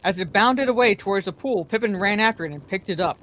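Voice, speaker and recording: A woman narrating a fantasy novel aloud as a bedtime story, in a calm, even manner. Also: medium pitch, fast.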